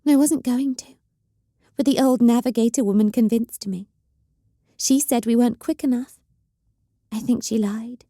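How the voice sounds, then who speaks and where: A woman's voice: a little high, steady tone, moderate pace, long pauses, no room sound, clean studio sound, pitched above the performer's own voice, lightly acted. A woman voicing a bitter, volatile young female psyker cultist who hisses and snarls in anger. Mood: bitter, menacing. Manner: hissing, snarling, shouting in anger.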